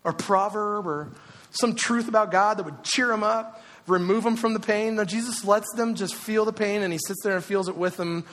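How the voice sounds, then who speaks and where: A man preaching a sermon in a relaxed, conversational way, swinging between loud animated bursts and quiet, hushed moments. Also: sits high, normal speed, in a large hall. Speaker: pastor.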